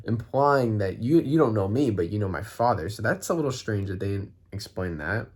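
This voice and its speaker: Excitable rambling male fan reviewer. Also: fairly low pitch, moderate pace, few pauses, slightly rough. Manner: excitable, rambling, heavy use of "like" fillers. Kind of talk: casual review vlog.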